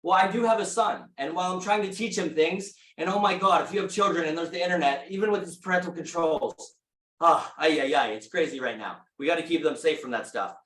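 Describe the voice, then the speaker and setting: A man giving an energetic motivational talk to a live audience, telling stories and asking the room questions. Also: a little high, fairly quick. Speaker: speaker at a real estate meeting. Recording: echoey room.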